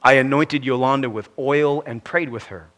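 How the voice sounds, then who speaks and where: A man preaching a sermon, reading a story aloud in an earnest way that sinks to a hush at the ends of phrases and rises to emphatic preaching. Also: mid-range voice, normal speed.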